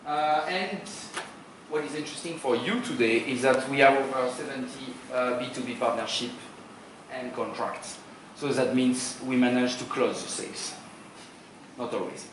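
A French man in his forties, speaking with a French accent, gives an informal, joking sales seminar in a hotel conference room and quizzes the audience. His voice is medium-pitched at a moderate pace. He sounds far from the mic in a very echoey room with a noisy background.

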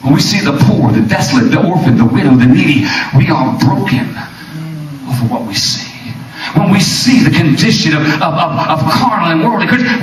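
A man preaching a fiery sermon, swinging from shouts to hushed lines and repeating words as he builds. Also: fairly high pitch, sing-song, moderate pace, background noise. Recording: very echoey room, mic far off.

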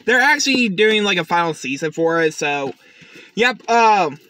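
Bright, high-voiced tired man vlogging. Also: expressive, moderate pace. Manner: chatty, rambling, with restarts and fillers. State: tired, up since early morning. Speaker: YouTube unboxing host. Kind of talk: casual unboxing vlog.

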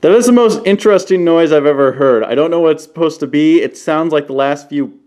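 A man casually reviewing toys on camera, playful, often breaking into goofy high-pitched exclamations. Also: a little fast, a little mellow. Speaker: toy reviewer. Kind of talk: casual hands-on product review. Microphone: camera he sets up himself.

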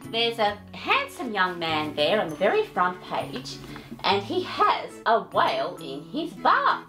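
A woman's voice: medium pitch, wildly swooping pitch, takes it slowly, music in the background. A woman storyteller reading a picture book aloud, doting and chatty, fussing over her pet between pages. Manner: doting, sing-song and chatty.

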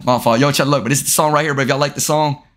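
A man's voice: mid-range voice, steady tone, very fast, fairly bright tone. Brash, cursing young male streamer. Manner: brash, profane, talks straight to chat. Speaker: live streamer. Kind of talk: live stream chat with video-call strangers.

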